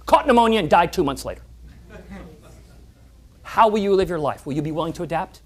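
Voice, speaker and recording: A man's voice: high-pitched, a little fast, long pauses. A man giving a motivational talk to a club audience, acting out voices in his stories. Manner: animated, acts out quoted voices and stories. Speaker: motivational speaker. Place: club meeting room.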